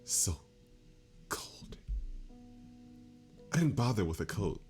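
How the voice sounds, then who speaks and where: A man reading aloud as a gloomy teenage schoolgirl narrator from a game, in a flat voice. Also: fairly low pitch, takes it slowly, faint music behind. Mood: quiet, downcast.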